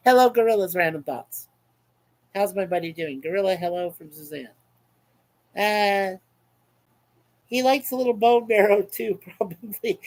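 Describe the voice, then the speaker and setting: A man's voice: high-pitched, unhurried, long pauses, a little mellow, poor audio. A man hosting a casual webcam livestream, reading out chat comments in a rambling, chuckling, repetitive way. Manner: rambling, chuckling, repeats himself.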